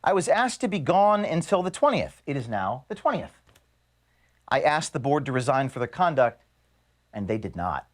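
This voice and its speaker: A man, the founder of an organization, reading an earnest, measured video statement to his staff from his office. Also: medium pitch, very animated. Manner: earnest, measured, grievance-laden. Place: office at headquarters.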